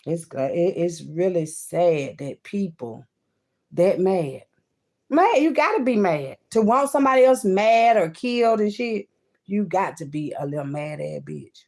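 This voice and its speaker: A woman giving a card-reading monologue, swinging between loud outbursts and hushed asides and calling her listeners "baby" and "child". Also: fairly low pitch, expressive, unhurried, gravelly. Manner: talks to viewers as "baby" and "child".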